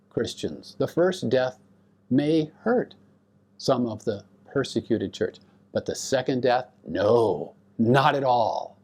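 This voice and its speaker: Male Bible lecturer, slow and deliberate, with a pitch that rises and falls a lot, and he asks his listeners questions. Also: darkish tone. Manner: explains Greek grammar to students. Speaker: Bible teacher.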